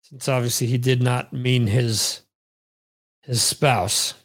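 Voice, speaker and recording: With a steady tone, medium pitch, and a slightly bright sound, a man hosting a podcast speaks at a slow pace. He reads out viewer comments while chatting in a rambling, joking way, frequently correcting himself.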